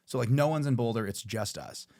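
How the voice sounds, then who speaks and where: A man's voice: medium pitch, a little fast, darkish tone. A man co-hosting a podcast, telling crude stories with lots of laughter. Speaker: podcast co-host. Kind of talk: casual podcast chat.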